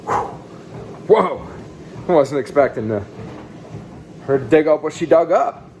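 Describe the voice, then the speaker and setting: Animated man in his thirties telling his story. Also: a little slow, background noise. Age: 30s. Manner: animated, swings between excited outbursts and low asides; blunt and casual, with some swearing. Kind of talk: candid personal storytelling.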